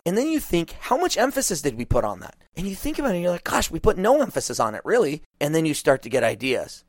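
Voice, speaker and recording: A man coaching small business owners, talking animatedly and acting out what clients say in quick asides. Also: fairly high pitch, no echo, clean studio sound.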